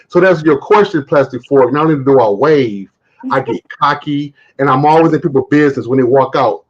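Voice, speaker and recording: A man hosting a live stream, telling stories in a casual, animated way and acting out quotes, with some swearing. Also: a little high, normal speed, breathy edge, highs cut off.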